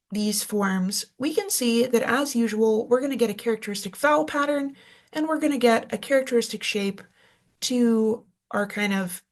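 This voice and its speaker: A woman's voice: a little high, creaky. A woman teaching a recorded language lesson, patiently walking students through a textbook chart and reading out verb forms one by one. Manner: patient, explanatory, spells out forms in slow lists.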